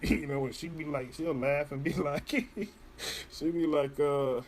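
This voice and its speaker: A man's voice: mid-range voice, fairly even intonation, moderate pace, slight background noise. Rambling, profane man telling stories. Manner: rambling, profane, heavy on "you know" fillers. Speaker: podcast guest. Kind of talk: casual interview chat.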